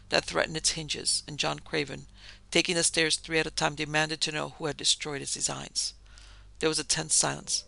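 A man narrating a period memoir tale as a storybook reading, measured and even. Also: fairly high pitch, vocal fry, no room sound. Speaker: narrator and producer.

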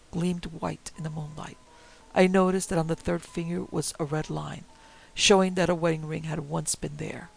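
A man reading a ghost story aloud in a dramatic, hushed way that drops often into whispers. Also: on the high side, creaky, husky, poor audio. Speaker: narrator.

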